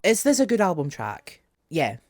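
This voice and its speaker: A man's voice: high voice, wildly swooping pitch, normal speed, no room sound, clean studio sound. A young man talking casually as a music reviewer, sarcastic and exasperated, with jokey asides. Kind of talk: casual album review vlog.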